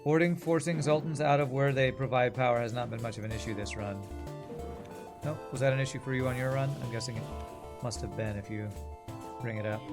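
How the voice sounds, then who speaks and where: Male game streamer, mid pitch, sarcastic banter with viewers, background game music. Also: steady tone, brisk. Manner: sarcastic, joking, talks to chat. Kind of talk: casual gameplay commentary with chat.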